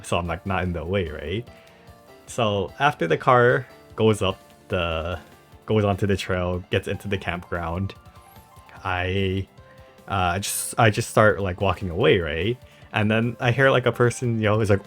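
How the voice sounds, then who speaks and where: A young man with a low voice narrates his travel photos in a loose, chatty way. He rambles, laughs often, and fills the gaps with "like" and "uh". Faint music plays under his voice. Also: normal speed, a bit bright. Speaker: travel vlogger. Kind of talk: casual travel vlog narration over photos.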